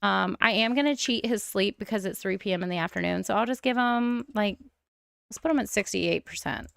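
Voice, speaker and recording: A woman streamer giving casual, excitable gameplay commentary, thinking out loud as she plays. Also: medium pitch, brisk, vocal fry, smooth, no room sound. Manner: chatty, excitable, thinks aloud. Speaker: streamer playing a life-sim game.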